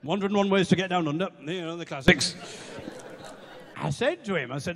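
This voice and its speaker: A man's voice: high voice, a little fast, long pauses, a bit bright. A British man doing stand-up comedy with dry, self-deprecating asides, recorded live. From Britain. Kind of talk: comic song then stand-up. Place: university venue stage. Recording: live in a reverberant hall.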